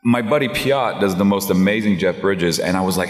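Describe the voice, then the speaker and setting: A male voice actor and impressionist chatting on a live convention panel, enthusiastic and quick to laugh. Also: fairly low pitch. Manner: enthusiastic, laughs a lot, animated storyteller. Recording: echoey hall, live event.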